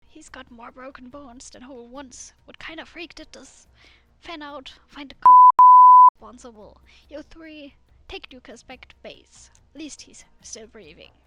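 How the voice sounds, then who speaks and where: A woman voicing a gruff male street thug who barks orders at his crew in a game. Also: sits high, expressive, measured pace, bright, forceful tone, voice pushed up, heavily acted. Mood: barking.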